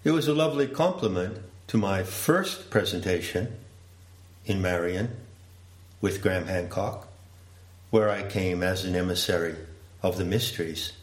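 A man giving a slow, deliberate, reflective storytelling talk. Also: low-pitched. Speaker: speaker. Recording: roomy echo.

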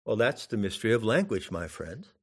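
A man giving a spoken meditation teaching in a deliberate, musing way, with long pauses between phrases. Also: lowish voice, big pitch swings, breathy edge. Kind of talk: spoken dharma instruction.

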